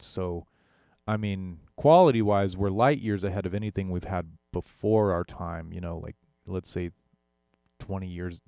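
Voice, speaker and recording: A young man with a deep, low voice talks loosely through a studio gear comparison. He rambles and corrects himself mid-sentence, sprinkling in fillers. The recording is close and dry, with no room sound. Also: darkish tone, dry recording. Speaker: musician demonstrating audio gear. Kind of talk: casual tech demo talk.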